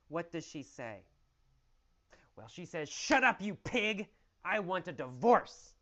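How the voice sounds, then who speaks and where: Animated male English teacher, lo-fi sound. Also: a little high. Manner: exaggerated, animated questioning with emphatic answers. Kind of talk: mini-story question-and-answer lesson.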